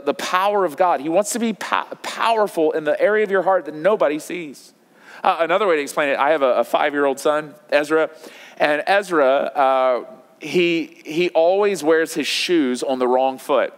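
A man in his thirties preaches to his congregation, talking in a loose, conversational way, full of fillers and restarts. His voice sits a little high for a man. Long reverb from the church hall trails after his words. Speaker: pastor. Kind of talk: sermon. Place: church auditorium.

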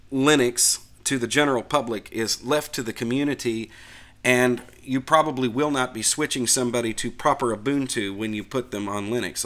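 A middle-aged man hosting a Linux video channel, talking through a casual opinion rant with animated, frustrated asides and conversational fillers. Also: fairly low pitch.

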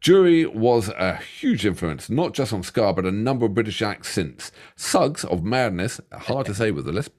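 Low-voiced man joking through a reaction chat. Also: big pitch swings, normal speed, few pauses, darkish tone. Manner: jokey, rambling, swears freely. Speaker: reaction video co-host. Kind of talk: casual chat.

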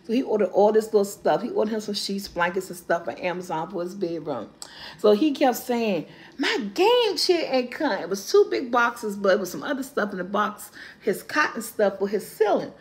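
A woman vlogger, casually telling viewers a funny story, animated and laughing often. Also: brisk. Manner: animated, laughing often, rising into high squeals when quoting.

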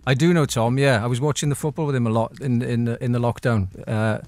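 A man's voice: mid-range voice, fairly even intonation, a little fast, a little mellow, no room sound. A Welsh man, a musician guest in a radio studio, telling rambling anecdotes in casual chat with frequent restarts.

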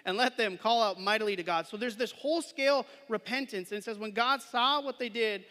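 A man's voice: high voice, a little fast, bright, forceful tone. A man preaching a sermon, reading scripture aloud and then explaining it conversationally, often checking in with the listeners. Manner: asks listeners questions and adds "right?". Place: church sanctuary. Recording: long hall reverb.

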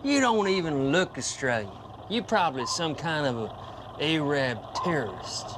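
An actor playing a blustering American navy commander, speaking with an American accent in a stern, accusing way. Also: male voice, a little high, big pitch swings, measured pace, background noise.

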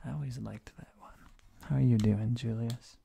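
A man in a whispered role-play as a Spanish teacher, soft and sleepy, slipping in deadpan jokes, hoarse from a sore throat. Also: mid-range voice, normal speed. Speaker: streamer playing a Spanish teacher.

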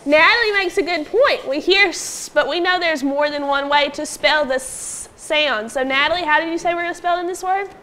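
A woman teaching a phonics lesson to young pupils in a classroom, patiently prompting them and sounding out words slowly. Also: high voice, pushed and bright, slight background noise. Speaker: elementary school teacher.

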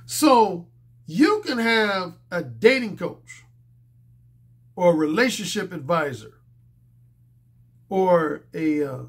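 Hoarse man lecturing emphatically. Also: sits high, expressive, takes it slowly, long pauses. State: hoarse, strained voice from a cold. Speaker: dating coach. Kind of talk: monologue to camera.

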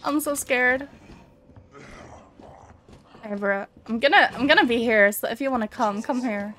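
Fairly high-pitched and a bit bright, this young streamer's voice moves fairly quickly over a little hiss or hum. She's casually commentating a horror game, reading notes out loud and startling easily.

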